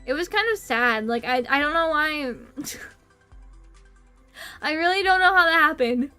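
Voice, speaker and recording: A woman's voice: sits high, lively intonation, measured pace, pushed and bright, soft background music. A young woman from the United States, chatting casually on a stream. She rambles, giggles, swears casually and pokes fun at herself. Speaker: VTuber streamer.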